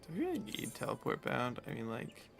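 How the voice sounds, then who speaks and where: A man's voice: mid-range voice, wildly swooping pitch, fairly quick, gravelly, a bit bright. Brief: laid-back male streamer chatting through setup, game music faint underneath. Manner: self-deprecating, rambling asides. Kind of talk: casual commentary while playing.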